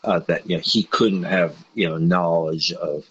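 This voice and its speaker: Irish man, halting casual chat. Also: low-pitched, fairly even intonation, husky, muffled recording. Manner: hesitant, many restarts and fillers. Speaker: podcast co-host.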